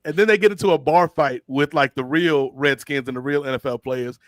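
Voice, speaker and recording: Casting: slangy male podcast host, fairly high voice, dry close sound, animated storyteller. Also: brisk, no echo. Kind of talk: casual chat.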